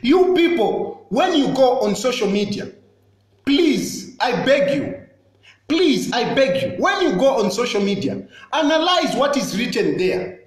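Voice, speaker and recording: A man's voice: very high-pitched, big pitch swings, a little slow, heavy reverb. A Zambian man with a Zambian accent, giving an impassioned, accusatory political address that repeats its points insistently.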